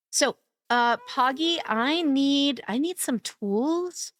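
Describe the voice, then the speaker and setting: Young woman streamer, high, unhurried, cutesy and bubbly, dry close mic. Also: animated, dry recording. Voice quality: bubbly, cutesy baby talk. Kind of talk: casual live-stream chat.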